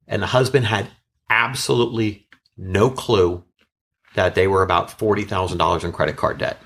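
A man's voice: on the low side, moderate pace, gravelly, a bit bright. A man, a bankruptcy lawyer, telling an earnest story from his practice in a casual panel chat. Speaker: bankruptcy attorney on a podcast panel.

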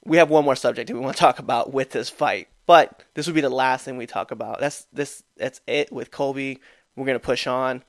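A man's voice: mid-range voice, brisk, no room sound, studio quality. A man co-hosting a casual sports podcast, talking loosely with many fillers and restarts. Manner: loose, rambling, lots of fillers. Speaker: podcast co-host. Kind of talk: casual chat.

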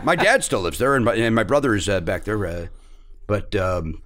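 A man with a faint Chicago accent tells a story in easy, chatty talk. His pitch rises and falls a lot as he goes, bouncing between asides. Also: very animated, moderate pace, a bit bright. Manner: chatty storyteller, slips into comic voices. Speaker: podcast guest. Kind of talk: casual chat.

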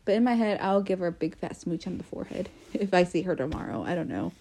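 Here the podcast host is a young woman from the United States, talking quickly in a warm, lowish voice. Alone at the mic, she's chatty and pokes fun at herself, full of fillers and restarts.

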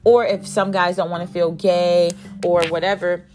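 A young woman hosting a podcast, telling a personal story in a blunt, profane, lively way. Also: on the low side, normal speed. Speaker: podcast host. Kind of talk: candid storytelling chat.

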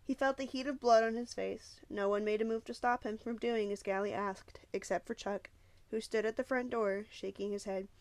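A woman's voice: medium pitch, moderate pace, no room sound. Woman reading a novel in a dry close sound. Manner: steady storytelling with small slips. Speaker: audiobook narrator.

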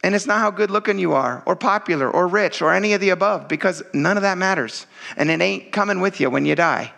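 A pastor preaching a sermon in a conversational, joking and emphatic way, often checking in with the congregation. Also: male voice, sits high, quick pace, gravelly, pushed and bright.

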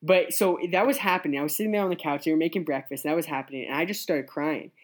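Earnest young man telling a faith story. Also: on the high side. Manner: halting, restarts and fillers, earnest storytelling. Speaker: youth pastor, interview guest. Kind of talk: casual testimony interview.

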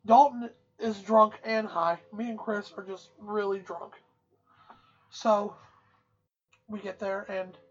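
A woman co-hosting a podcast, telling a rowdy anecdote in loose, profane, animated casual chat. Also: medium pitch. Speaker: podcast co-host. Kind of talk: casual storytelling. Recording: dull, muffled audio.

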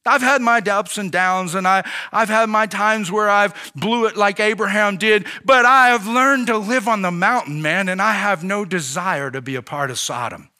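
A young man delivers an earnest sermon in a high, bright voice. He stumbles and restarts often as he tells his own story, and he acts out his talks with God in quoted dialogue. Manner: earnest, halting storytelling with many restarts and fillers. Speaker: pastor.

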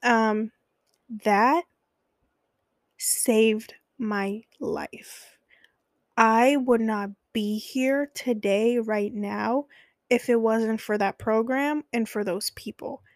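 Young woman, kinda high voice, dry close sound, talking through her story casually with lots of likes and ums. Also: steady tone, extremely slow, no echo. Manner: candid, conversational, many fillers. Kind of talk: personal storytelling.

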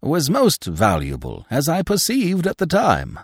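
A man's voice: a little high, wildly swooping pitch, measured pace, husky, dry recording, clean studio sound, pitched above the performer's own voice, heavily acted. A man voicing a fat, pompous, sour old theatre-troupe manager who blusters and scoffs. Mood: smug. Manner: blustering, scornful.

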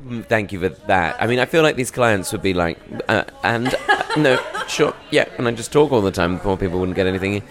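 A man's voice: lowish voice, lively intonation, brisk, hardly any pauses, heavy background noise. A young British man, a touring stand-up comedian, chatting in a rambling, self-deprecating way in a podcast interview. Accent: British English. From England.

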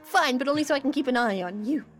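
A woman's voice: high voice, lively intonation, fast, soft background music. A woman voicing a grumpy, guarded male teacher in a tabletop game. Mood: gruff.

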